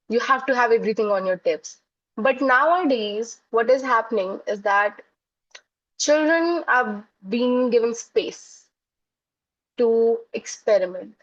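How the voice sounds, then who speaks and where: A woman psychologist and educator answering interview questions earnestly, explaining through classroom stories. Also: medium pitch. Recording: dull lo-fi audio.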